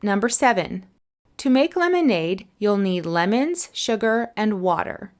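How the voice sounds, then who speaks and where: A woman teaching an English punctuation lesson, explaining each answer clearly and patiently and spelling letters out slowly. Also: medium pitch, expressive.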